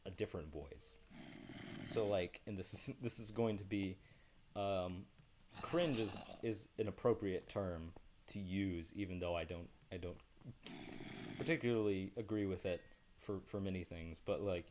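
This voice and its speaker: A man musing in a casual monologue, self-deprecating and halting, with many restarts. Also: low voice, noisy background. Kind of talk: casual monologue about doing accents.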